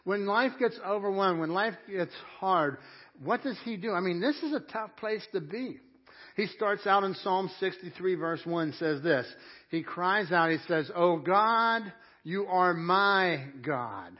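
Lively high-voiced male pastor preaching. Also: moderate pace, muffled recording. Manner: preaching with rising emphasis and direct questions to the congregation; repeats words and restarts phrases. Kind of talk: sermon.

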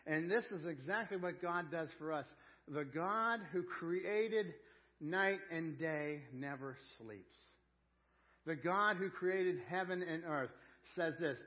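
Earnest pastor with a high-ish male voice. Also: slow. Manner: earnest, swings from loud emphasis to quiet intensity; folksy, repeats words while searching for them. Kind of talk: sermon. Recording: dull lo-fi church audio.

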